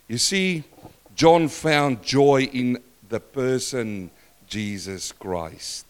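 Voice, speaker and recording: An older man preaching a sermon in church, questioning the congregation and swinging between loud and soft. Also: medium pitch, clear, resonant tone. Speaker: pastor.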